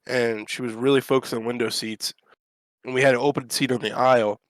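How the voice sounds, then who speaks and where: A man spinning a rambling anecdote on a podcast, swearing freely and jumping into voices for each quote. He has an everyday, mid-pitched man's voice. It is recorded dry and close, with no room echo. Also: fairly quick. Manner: animated, profane, acts out quotes. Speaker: podcast co-host. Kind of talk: casual storytelling chat.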